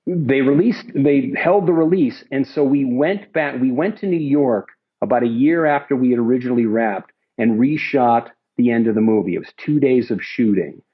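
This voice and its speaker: An older man tells long, rambling anecdotes with many restarts. His voice is husky and his pitch sits in the middle range. The recording is slightly dull and lo-fi. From United States. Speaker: interview guest. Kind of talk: casual storytelling.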